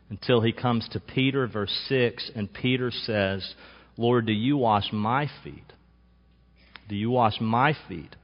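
A man preaching a sermon in a measured, emphatic way, slowing down to stress key phrases. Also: fairly low pitch, in a large hall, lo-fi sound. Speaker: pastor.

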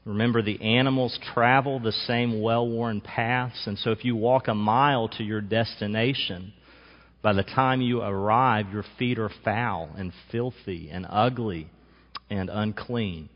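Low-voiced man preaching in a reverberant hall. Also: steady tone, dull audio. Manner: measured, emphatic preaching with slow stressed phrases. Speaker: pastor. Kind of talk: sermon.

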